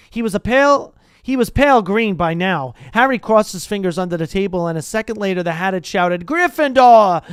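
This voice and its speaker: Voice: medium pitch, clean tone, dry recording, clean studio sound. A streamer reading a book aloud to a live chat, stumbling and breaking off for casual asides. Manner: chatty asides, stumbles and restarts.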